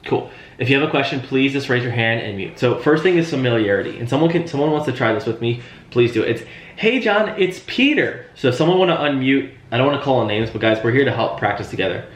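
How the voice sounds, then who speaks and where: A man's voice: mid-range voice, quick pace, reverberant. A man teaching insurance agents how to open sales calls in a live video-call training, coaching them and acting out friendly call lines.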